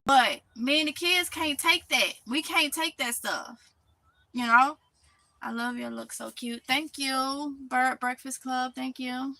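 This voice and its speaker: Woman, Mississippi Southern accent, high voice, casual live-stream chat, laughs often. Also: measured pace, gravelly, bright, forceful tone, no room sound, low-quality recording. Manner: chatty, talks back to comments, laughs often. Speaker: channel host reading live chat. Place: greenhouse.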